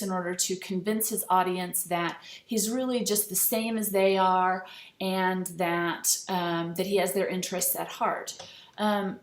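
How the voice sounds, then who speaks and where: Woman teacher, casual screencast lecture, loose and filler-heavy, roomy echo. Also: medium pitch. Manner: relaxed, chatty, with many fillers. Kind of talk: recorded lecture over slides. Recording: echoey room.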